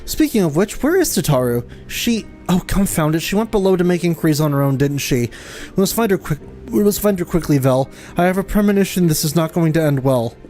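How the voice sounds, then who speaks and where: A man's voice: fairly high pitch, lively intonation, brisk, darkish tone, soft background music, lightly acted. A man reading as a formal young noble scholar. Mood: earnest. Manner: reading dialogue aloud in a formal, old-fashioned tone.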